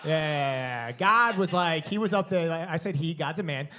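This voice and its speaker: On a very noisy recording, a young Long Island comic with a voice on the high side works through a stand-up set at a moderate pace. He's brash and animated, cursing frequently.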